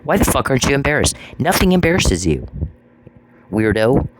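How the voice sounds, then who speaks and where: A man's voice: medium pitch, sing-song, normal speed. A man in an angry monologue aimed at one person, swearing and repeating his accusations. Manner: profane, accusatory and repetitive. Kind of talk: angry monologue addressed to someone. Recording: noisy recording with clicks.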